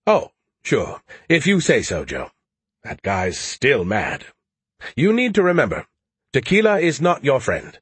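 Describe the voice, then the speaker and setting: A man's voice: mid-range voice, sing-song, moderate pace, slightly rough, no room sound. A man voicing a chatty, smug male artificial intelligence who teases with gleeful mockery. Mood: teasing. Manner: mocking, gleeful teasing.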